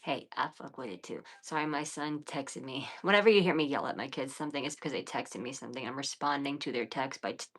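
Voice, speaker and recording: A woman in her thirties with a low voice, talking casually to her viewers on a late-night livestream. She is blunt and defiant and swears freely, and she often slips into whispers and quiet mutters between louder remarks. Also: quick pace, hardly any pauses. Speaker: livestream host.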